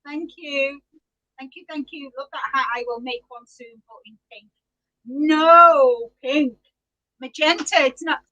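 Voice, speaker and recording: A woman's voice: high-pitched, moderate pace, sharp tone, low-quality recording. A middle-aged woman hosting a live knitting podcast, chatty and giggly, greeting viewers by name. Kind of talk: casual live-stream chat.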